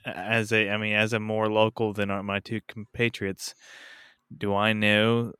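Tabletop player guy, low voice but bright and clean, dry sound, lots of ums. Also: flat delivery, moderate pace, clear, resonant tone, dry recording. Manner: thinking aloud, hesitant. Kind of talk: casual chat at a game table.

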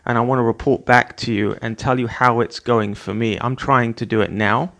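Earnest middle-aged male host, motivational monologue, repetitive delivery, average pitch. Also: steady tone, normal speed, gravelly, fairly bright tone. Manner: earnest, repetitive, acts out scolding parent voices. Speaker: podcast host.

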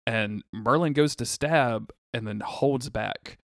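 A man co-hosting a podcast, recapping a show in casual chat, excitable and swearing freely with lots of restarts. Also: mid-range voice, slow, vocal fry, dry recording, studio quality. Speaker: podcast co-host.

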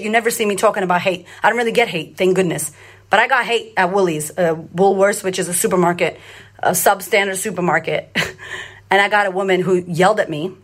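Woman coach ranting straight to camera, swears a lot, kinda high voice, punchy. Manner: blunt, profane, emphatic; animated storyteller. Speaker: confidence coach and podcast host. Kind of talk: impassioned solo monologue.

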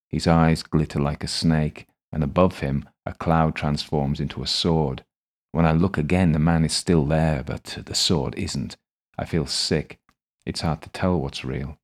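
A man calmly narrating a first-person audiobook story in a measured way. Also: extremely low pitch.

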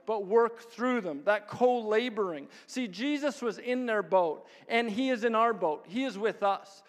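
A man preaching a sermon, telling stories with frequent chuckles and acting out the voices of others. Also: high voice. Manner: storytelling, chuckles often, plays out voices of others. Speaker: pastor. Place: church hall. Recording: long hall reverb.

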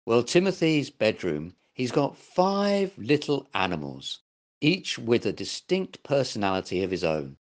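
Older male storyteller for kids, very lively pitch, unhurried reading. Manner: warm, very expressive read-aloud delivery. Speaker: storyteller host. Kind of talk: reading a children's story aloud.

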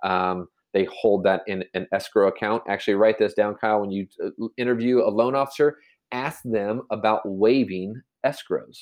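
A man's voice: on the low side, fairly even intonation, moderate pace, darkish tone. A man explaining real estate in a casual podcast chat, rambling with many restarts and fillers. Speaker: real estate agent guest.

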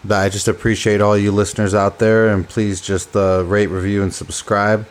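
A man's voice: lowish voice, little pitch movement, normal speed. A man co-hosting a casual podcast, talking about fighters with enthusiasm. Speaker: podcast co-host.

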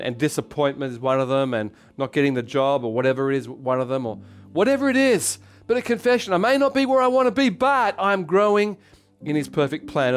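A man with an Australian accent, preaching a fervent sermon and leading prayer, repeating phrases and slowing down for emphasis. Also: mid-range voice. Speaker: pastor.

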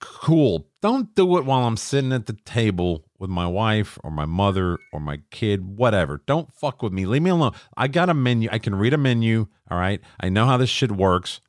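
Deep-voiced man ranting casually. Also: very animated, normal speed, hardly any pauses, no echo, studio quality. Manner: profane, ranting, acts out quoted voices. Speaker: podcast co-host. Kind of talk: casual podcast chat.

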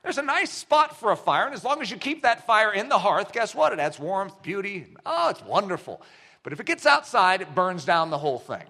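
A man delivers a sermon with a bright, fairly high voice. He swings widely in pitch as he tells a story and acts out the dialogue himself. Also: very animated, fairly quick. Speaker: preacher.

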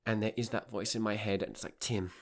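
A man, a tour leader and podcast host, telling a comic anecdote in a wry, exasperated and animated way. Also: fairly low pitch, fast talker.

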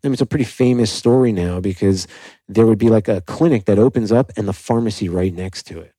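This young adult podcast guest from South Florida talks at a quick pace in a lowish voice, recounting his story openly and with energy. He performs quoted dialogue and fills his speech with "like," captured in a dry, low-quality recording.

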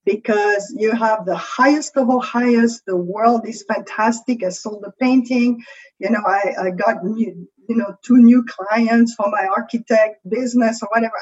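A woman's voice: on the high side, moderate pace, darkish tone, slightly rough, highs cut off. A woman with a French accent, a creativity coach, explaining ideas in a conversational interview and often checking in with "right?".

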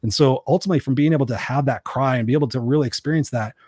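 A man's voice: medium pitch, racing, darkish tone, breathy edge, dry recording, clean studio sound. A man hosting a podcast, telling a candid, emotional personal story with lots of restarts. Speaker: podcast host. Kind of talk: personal storytelling in casual talk.

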